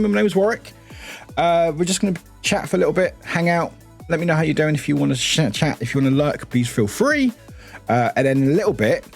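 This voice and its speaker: A young British man chatting casually on a live stream, scattered and swearing, with lots of restarts. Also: on the high side.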